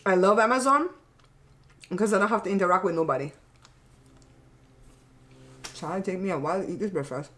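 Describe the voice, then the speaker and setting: A woman's voice: mid-range voice, fairly quick, long pauses. Middle-aged woman, blunt and frank, laughs often, casual chat over a meal. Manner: blunt and frank, plain-spoken with mild cursing; chatty and animated, often laughing. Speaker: channel host. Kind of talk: casual chat while eating.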